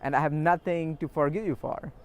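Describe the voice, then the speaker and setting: A man's voice: fairly high pitch, fairly quick, natural voice. A man voicing a humble, grateful king in a polite, earnest way as he tells a story.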